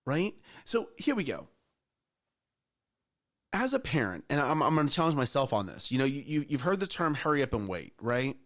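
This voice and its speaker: A man's voice: mid-range voice, very animated, normal speed. A middle-aged man hosting a casual chat show, earnest and emphatic, challenging listeners directly. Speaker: host.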